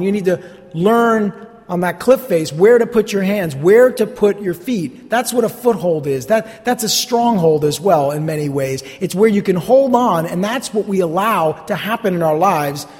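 A man's voice: sits high, moderate pace, darkish tone. A man from North Jersey with a New Jersey accent, preaching a sermon in a conversational way with sarcastic asides and repeated words. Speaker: pastor. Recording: long hall reverb.

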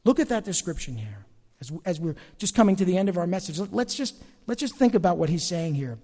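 Man, pastor, animated sermon, high voice, loud emphasis then quiet asides, long church reverb. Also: fairly quick.

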